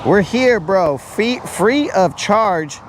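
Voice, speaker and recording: A man's voice: high-pitched, animated, slow pace, noisy background. A man chatting casually on a live fishing stream, rambling and joking as he acts out imagined callers. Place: outdoors on a lake.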